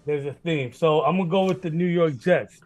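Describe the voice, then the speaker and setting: A man's voice: fairly high pitch, a little fast, darkish tone, soft background music. A man hosting a casual sports betting chat, rambling, repeating himself, laughing and swearing often. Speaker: sports betting podcast host.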